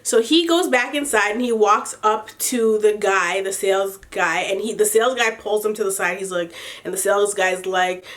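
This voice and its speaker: A woman telling a storytime vlog in a casual, animated way, swearing freely and laughing between lines. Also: mid-range voice, moderate pace. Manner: animated, profane, exasperated retelling. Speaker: storytime vlogger.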